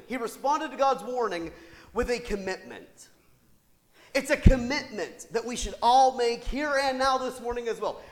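Animated preacher man in echoing hall. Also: extremely high pitch. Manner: animated, with rhetorical asides and laughter. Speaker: pastor. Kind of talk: sermon.

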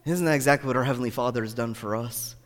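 A man preaching a sermon in a conversational style, swinging between booming emphasis and hushed, intimate asides. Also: quick pace. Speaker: pastor. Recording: echoey hall.

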